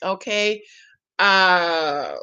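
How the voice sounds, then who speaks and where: Woman from jamaica in her 40s doing a live watch-along, chatty and laughing a lot, bright voice. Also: lowish voice, extremely slow, clear, resonant tone, lo-fi sound. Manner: chatty, exclaims and laughs often, greets chat viewers. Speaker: reaction host.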